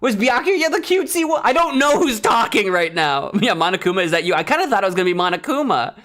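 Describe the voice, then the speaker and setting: A man's voice: high-pitched, sing-song, fast, fairly bright tone. A man hosting a let's play, reading game dialogue aloud and joking between the lines. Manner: playful, joking, reacts with bursts of laughter.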